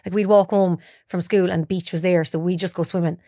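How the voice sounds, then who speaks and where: A woman's voice: lowish voice, fairly even intonation, a little fast, mellow, no room sound, studio quality. An Irish woman from Galway, a broadcaster guest telling chatty stories about her life and acting out quoted dialogue. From Ireland, Galway. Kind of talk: casual storytelling interview.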